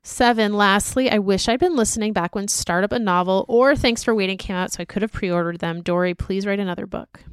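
A woman's voice: mid-range voice, fairly quick, few pauses, smooth, no room sound, clean studio sound. A woman co-hosting a casual podcast, reading listener emails aloud with chatty asides. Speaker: podcast co-host.

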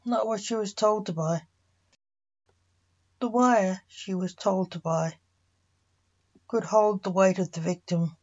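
Slow, mellow woman storyteller. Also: medium pitch, highs cut off. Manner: slow, plain narration. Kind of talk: reading a short story aloud.

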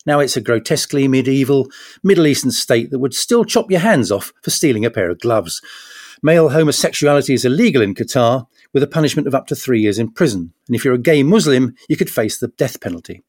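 A man's voice: mid-range voice, animated, brisk, a little mellow, dry recording, studio quality. A man hosting a podcast, delivering a wry, punning satirical comedy monologue with sarcastic asides. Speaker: podcast host.

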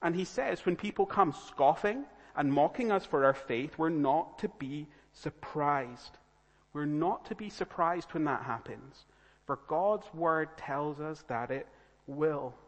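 A man with a fairly high-pitched voice preaches a little slowly, earnest and pleading as he builds to urgent appeals to his listeners. The recording carries the long reverb of a church hall.

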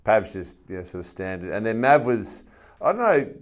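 A fairly deep-voiced Australian man tells stories in a relaxed interview. He laughs as he goes and acts out the voices of the people in his stories. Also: normal speed. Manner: animated storyteller, laughs often, acts out voices. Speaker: guest, former football captain. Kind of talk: casual anecdote telling.

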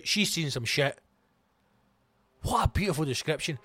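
A man's voice: on the high side, expressive, normal speed, pauses often, pushed and bright, husky, soft background music. A Scottish man hosting a comic podcast, ranting animatedly with plenty of swearing. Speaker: comedian and podcast host.

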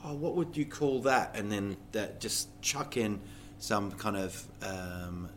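A man's voice: fairly low pitch, takes it slowly, slight background noise. A man in his thirties hosting a podcast, chatting casually and jokily, trailing off into fillers as he talks. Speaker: podcast host. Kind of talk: casual chat. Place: Sweden.

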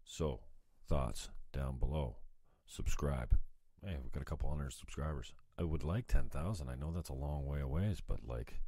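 A man's voice: rumbling low, normal speed, few pauses, dark tone, husky, dry recording, studio quality. A man in his forties from Canada, hosting a podcast, talking in a rambling, offhand, self-mocking way. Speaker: podcast host. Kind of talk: casual solo podcast talk.

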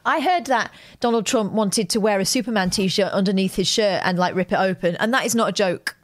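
A woman's voice: mid-range voice, fairly quick, dry recording. Chatty Northern English woman, dry sound. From north of England.

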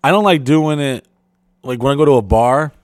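A man's voice: medium pitch, normal speed, no room sound. A man hosting a podcast, telling rambling, profane stories in casual chat and acting out the people in them. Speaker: podcast host.

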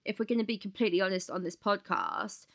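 A woman in her thirties co-hosting a podcast, hoarse from the flu and talking candidly in casual chat. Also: mid-range voice, quick pace. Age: 30s. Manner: candid, expressive, retells with acted quotes. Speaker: podcast co-host.

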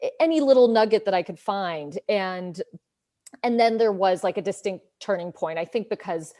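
A woman in her thirties, an actress talking in a relaxed interview, chatty and self-deprecating, acting out quoted lines with lively shifts in voice. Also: mid-range voice, moderate pace. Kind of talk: casual interview chat.

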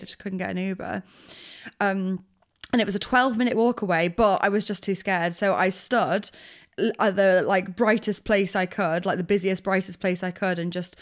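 A woman's voice: mid-range voice, steady tone, brisk. A woman co-hosting a podcast, telling a story in a rambling way with lots of fillers. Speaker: podcast co-host. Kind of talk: casual chat.

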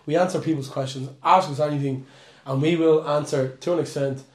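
A man's voice: fairly high pitch, steady tone, brisk. A man co-hosting a football podcast, teasing his partner and laughing through casual banter. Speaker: podcast co-host. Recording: roomy echo, faint music.

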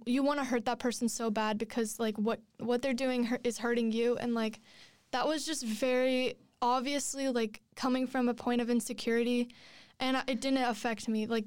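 A woman's voice: on the high side, a little mellow, clean tone, no echo. A woman in her twenties telling a long personal story in a casual chat, rambling with many fillers and restarts. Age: 20s.

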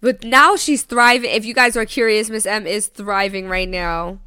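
A young woman co-hosting a casual podcast chat, loud and giggly, repeating catchphrases. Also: mid-range voice, fairly even intonation, moderate pace, smooth, dry recording, clean studio sound. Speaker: podcast co-host.

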